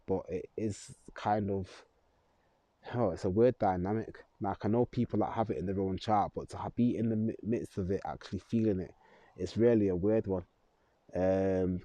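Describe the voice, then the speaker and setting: Low, dark-voiced man. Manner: rambling, chuckling, loose, self-correcting. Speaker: astrology vlogger. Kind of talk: casual astrology talk to camera.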